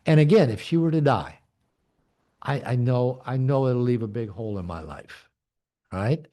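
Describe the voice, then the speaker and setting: A man's voice: mid-range voice, moderate pace, mellow. A man in his sixties, a men's coach giving a candid, reflective personal talk to an online group. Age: 60s. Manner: earnest, reflective, candid storytelling. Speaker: men's coach and community leader.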